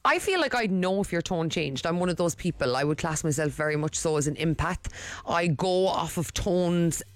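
A woman's voice: on the low side, expressive, normal speed, dry recording. A woman with an Irish accent, co-hosting morning radio in chatty, earnest talk. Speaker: radio co-host. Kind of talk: casual chat.

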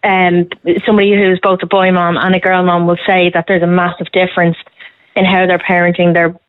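A woman's voice: lowish voice, level tone, dry recording. Chatty woman on a phone line. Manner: chatty and emphatic, quick laughs. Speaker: caller. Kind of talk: casual radio phone-in chat. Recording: tinny phone line, dry.

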